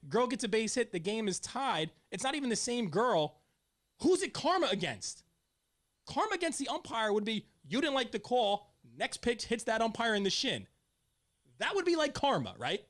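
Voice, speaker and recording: Casual host, a man in his forties; animated, lively storyteller who gets loud in retold arguments. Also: very high voice. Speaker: podcast host, youth softball coach. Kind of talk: casual chat.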